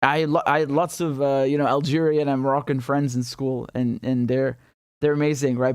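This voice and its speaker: A man's voice: mid-range voice, level tone, moderate pace, clear, resonant tone, no echo, clean studio sound. Rambling man explaining over a map. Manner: rambling, lots of fillers and self-corrections, chuckles often. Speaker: political commentator.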